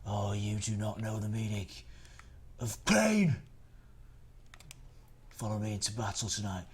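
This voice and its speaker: A man putting on the voice of a grim young male warrior leader, speaking roughly with an angry, gruff delivery. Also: lowish voice, fairly even intonation, fairly quick, slight background noise, natural voice.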